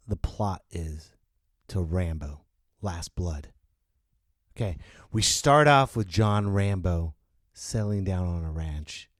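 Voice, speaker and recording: A man's voice: sits low, no room sound, studio quality. A man hosting a comedy podcast, ranting about a movie in an exaggerated, profane way. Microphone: podcast mic.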